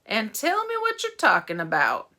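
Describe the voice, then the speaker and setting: A drunk, leering small-town sheriff, put on by a woman reading aloud. He talks in a slow, lazy Southern drawl. The tone stays bright and forward. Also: high-pitched, wildly swooping pitch, full character voice.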